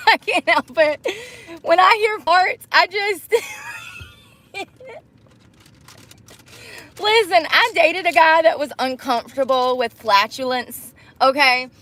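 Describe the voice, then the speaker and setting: Talking to her viewers with a very high voice, this young vlogger keeps things candid and relaxed, laughing readily and staying animated. "Y'all," "girl" and "baby" are how she addresses them.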